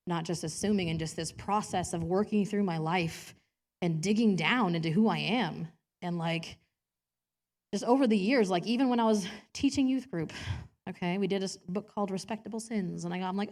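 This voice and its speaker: A woman preaching in a church in a chatty, self-deprecating way. She laughs often and slips into voices to act out quotes, all in a voice of middling pitch. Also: fairly quick, darkish tone. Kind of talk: personal sermon.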